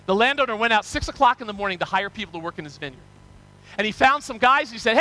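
A male preacher with a notably high voice delivers a sermon, retelling parables with animated energy. His tone is bright and ringing, and he often restarts or repeats words as he talks. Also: fast, low-quality recording. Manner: animated storytelling, acting out parable characters. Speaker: pastor.

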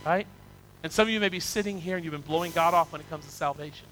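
A man's voice: fairly high pitch, fast, a bit bright, soft background music, rough recording. A male pastor preaching a sermon, acting out people's excuses in quoted voices and reading scripture aloud.

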